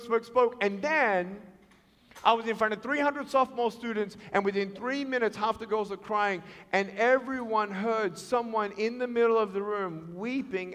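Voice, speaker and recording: A man giving a storytelling speech to students, animated and acting out the voices in his stories. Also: sits high. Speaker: motivational speaker. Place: large school hall. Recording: long hall reverb.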